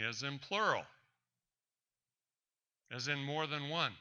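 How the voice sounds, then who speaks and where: A man's voice: fairly high pitch, expressive, slow, pauses often, pushed and bright. A man presenting a talk, telling a personal story in an emphatic, defiant way to an audience. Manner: emphatic and defiant, addresses doubters directly.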